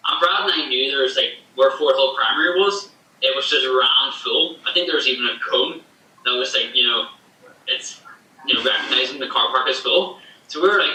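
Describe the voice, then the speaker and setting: A man's voice: medium pitch, a little fast, pushed and bright. A young man from Northern Ireland with a Northern Irish accent that has a slight Canadian tinge, a podcast guest telling rambling stories with many fillers. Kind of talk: casual chat. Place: home in Canada. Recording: echoey distant remote call with faint noise.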